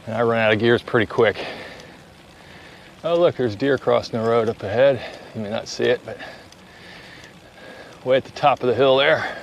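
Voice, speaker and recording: A man's voice: medium pitch, moderate pace, gravelly, long pauses, highs cut off, a little hiss or hum. A man on a bicycle outdoors, live-streaming a charity ride, out of breath and chatting casually between climbs. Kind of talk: casual live-stream chat while riding. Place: outdoors on a bicycle on country roads.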